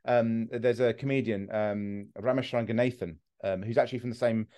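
A man's voice: medium pitch, moderate pace. A man from England with an English accent, telling travel stories in casual conversation, swearing freely and acting out quotes. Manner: swears freely, animated storytelling with acted-out quotes. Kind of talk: casual chat.

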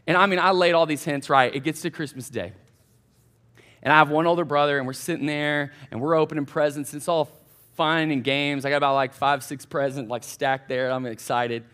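A man, a college pastor giving a casual storytelling sermon in a church, chatty and animated as he talks straight to the crowd. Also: fairly high pitch, fairly quick. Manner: chatty, animated anecdotes addressing the crowd directly.

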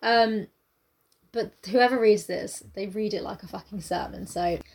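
A woman's voice: medium pitch, unhurried, creaky. A woman co-hosting a podcast, casually recapping a book, swearing freely and acting out characters' lines. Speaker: podcast co-host.

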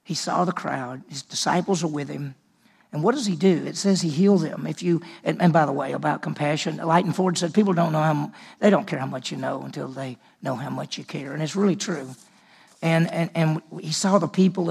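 A man, a senior pastor, preaching a conversational sermon, repeating words as he goes and swinging between emphatic and hushed. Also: fairly high pitch, creaky, husky.

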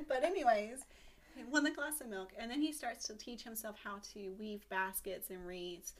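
A woman's voice: on the high side, normal speed. A young woman co-hosting a podcast, retelling a story in a chatty, casual way with profane, laughing asides. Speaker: podcast co-host.

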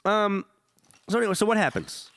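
A man's voice: high voice, expressive, a little fast, a bit bright. A young man co-hosting a podcast, telling rambling, profane stories in casual chat. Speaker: podcast co-host.

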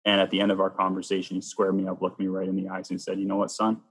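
A man from Canada with a very deep, husky voice recounts his personal testimony as an interview guest. He tells it in a lively way and acts out the lines people said to him. His voice rings with a long reverb, as if recorded in a large room. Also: racing. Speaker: guest sharing his faith story.

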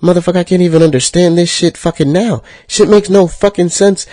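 A man hosting a solo podcast, talking in a profane, heated rant that jumps high and loud when he gets worked up. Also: steady tone, a little fast, dry recording. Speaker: podcast host.

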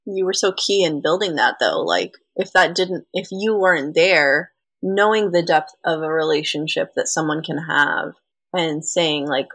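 Woman host, chatty and rambling, low pitch, dry recording. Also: a little slow, fairly bright tone, slightly rough, no echo. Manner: chatty, lots of "like" fillers. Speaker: podcast host. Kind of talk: casual chat.

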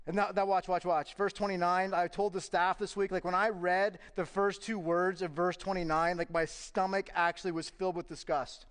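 A man's voice: high-pitched, little pitch movement, moderate pace, hardly any pauses, a bit bright, smooth. A man preaching a sermon as pastor, emphatic and full of rhetorical questions. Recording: long reverb of a large hall.

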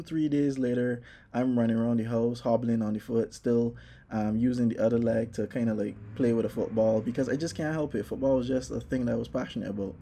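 A man casually telling a personal story, animated, acting out his own exclamations. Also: medium pitch, gravelly.

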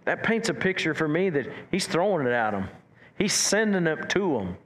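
A man preaching a sermon as pastor, animated, stumbling over repeated words and acting out quotes. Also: a little high, moderate pace.

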